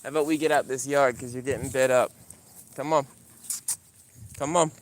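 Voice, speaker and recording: Casual young man streaming outdoors. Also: moderate pace. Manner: animated storyteller, voice climbing high when retelling arguments. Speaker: YouTuber streaming live to chat. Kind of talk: casual livestream chat while walking a dog. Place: outdoors in a yard.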